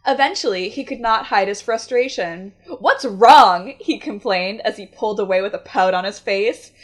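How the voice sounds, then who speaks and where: A woman's voice: medium pitch, normal speed. A woman co-hosting a casual chat, reading a scary story aloud and breaking off for wry, joking asides.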